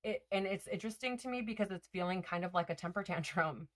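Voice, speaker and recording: A woman's voice: lowish voice, fast. A woman giving a casual spiritual card reading, rambling with lots of fillers and self-corrections. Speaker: tarot reader.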